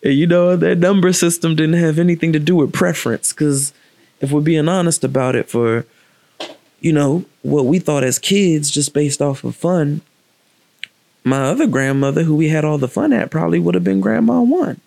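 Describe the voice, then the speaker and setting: Very gravelly man, candid and reflective. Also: a little high, darkish tone, no room sound. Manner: candid, reflective, casual with frequent swearing; halting, with restarts and pauses. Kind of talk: personal storytelling monologue.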